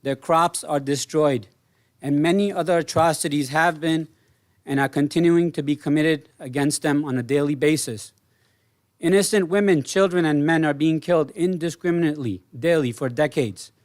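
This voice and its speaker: A man's voice: a little high, moderate pace, darkish tone, dry recording, studio quality. A man reading a grave, impassioned prepared statement at a village board meeting. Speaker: resident speaking at public comment. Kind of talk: prepared public comment read aloud.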